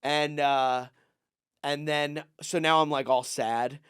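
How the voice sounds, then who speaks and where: A man and comedian on a podcast telling rambling stories, acting out the people he quotes in a higher voice. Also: steady tone, slow pace, fairly bright tone, clear, resonant tone, dry recording, clean studio sound. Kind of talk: casual storytelling chat.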